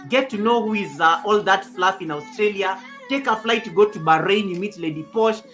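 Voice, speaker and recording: Loud, lively woman greeting her viewers. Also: mid-range voice, normal speed. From Kenya. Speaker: livestream host. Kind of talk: casual livestream chat. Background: background music.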